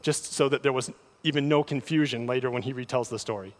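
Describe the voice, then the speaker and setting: A man preaching a sermon, often repeating words as he starts a thought, with animated delivery. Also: mid-range voice, fast talker. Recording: long hall reverb.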